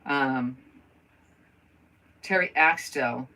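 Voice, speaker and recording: A chatty woman hosts a live crafting stream, talking through her work and calling out to viewers. Her voice sits low for a woman yet comes across bright and forceful. A faint hum hangs in the background. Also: drawn-out words, distant mic, low-quality recording. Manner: chatty, thinks aloud while working and greets viewers. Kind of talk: casual live crafting chat.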